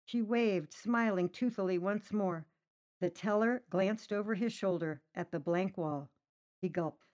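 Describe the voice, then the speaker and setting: A woman reading a short story aloud, narrating lively and voicing the characters' lines herself. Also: unhurried. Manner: lively, voices characters with raised pitch. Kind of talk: storybook narration with acted dialogue.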